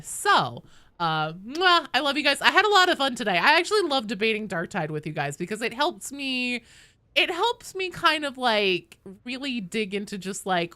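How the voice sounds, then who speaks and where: A woman game streamer in casual live-stream chat, animated and candid, laughing often and swearing casually. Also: mid-range voice, dry recording.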